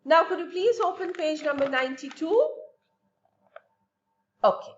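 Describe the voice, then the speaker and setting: A woman's voice: high-pitched, lively intonation, a little slow, dull audio, slight background noise. A woman teacher giving a recorded science lesson to young children, asking and answering her own questions in a patient, lilting way.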